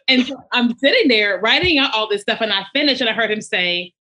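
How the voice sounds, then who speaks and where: A woman consultant telling stories as a podcast guest, animated and acting out what people said. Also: fairly high pitch, brisk, few pauses, highs cut off. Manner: animated, acts out quotes. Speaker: branding and marketing consultant, guest. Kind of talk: interview storytelling.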